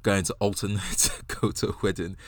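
A man's voice: deep voice, level tone, a little fast, dry recording, studio quality. A young man in casual podcast chat, rambling in a laid-back way and often repeating his words.

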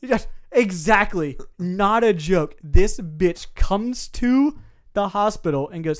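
A young man, podcast co-host, telling a story in casual chat, animated and swearing, acting out the voices of other people. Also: sits high, slow pace.

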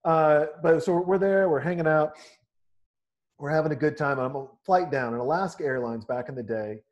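A man's voice: fairly high pitch, moderate pace, muffled recording. Easygoing man telling a story. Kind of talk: casual storytelling chat.

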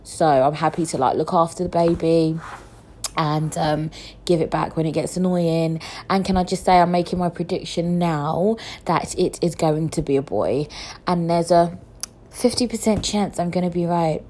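A young woman chatting casually to camera as a vlogger, excitable and quick to laugh and swear. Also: fairly low pitch. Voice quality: visually impaired speaker.

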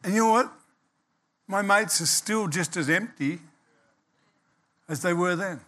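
A pastor in his sixties delivers a sermon in a fairly high voice. He talks conversationally, often stops to check that the congregation follows him, and slips in humorous asides. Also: measured pace, a bit bright.

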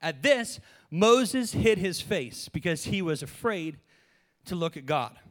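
A young man preaching a sermon in a joking, animated way, often laughing. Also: high-pitched, takes it slowly. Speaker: pastor.

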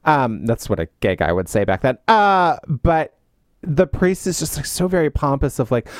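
A man in relaxed conversation, telling a film's story with a very lively, up-and-down voice and playful mimicry of the characters. His pitch is mid-range overall. The sound is close and dry. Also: normal speed, no echo. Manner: expressive storyteller, mimics characters, laughs often. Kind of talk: casual chat retelling a film plot.

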